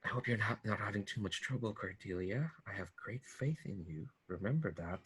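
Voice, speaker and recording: A man doing a soft-spoken lady executive. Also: lowish voice, expressive, fairly quick, husky, heavily acted. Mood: reassuring. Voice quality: soft, hushed.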